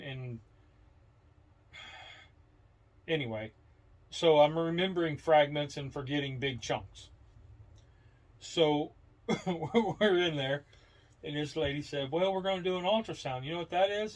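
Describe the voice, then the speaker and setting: A middle-aged man with a slightly higher voice than most men, chatting casually on a podcast. He rambles through his stories and acts out the people in them, and he mentions struggling with brain fog. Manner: rambling storyteller, acts out quoted dialogue. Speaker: podcast co-host. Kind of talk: casual chat.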